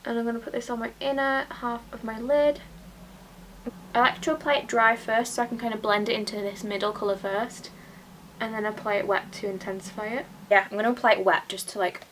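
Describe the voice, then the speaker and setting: A young British woman chatting casually while doing her makeup, often dropping into soft whispers. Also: on the high side, steady tone, fairly quick, slight background noise. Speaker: beauty vlogger. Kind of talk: casual get-ready-with-me chat.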